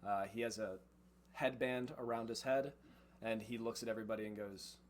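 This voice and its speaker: A man narrating a tabletop game as game master, relaxed and full of fillers. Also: lowish voice, normal speed, a little hiss or hum.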